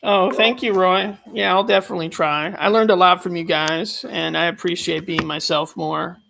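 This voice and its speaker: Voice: medium pitch, fairly even intonation, normal speed, creaky, bright, forceful tone, slight background noise, low-quality recording. A community member on a live stream, talking earnestly and gratefully. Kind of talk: casual live-stream chat.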